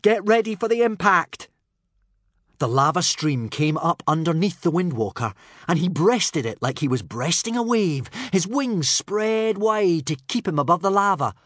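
Husky, expressive male audiobook narrator. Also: fairly high pitch, normal speed, no room sound, clean studio sound. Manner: dramatic, dropping to a hush for suspense.

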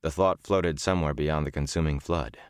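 A man narrating an audiobook in a measured, dramatic storytelling manner. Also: very deep voice, fairly even intonation, smooth, no echo, studio quality. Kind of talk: scripted narration.

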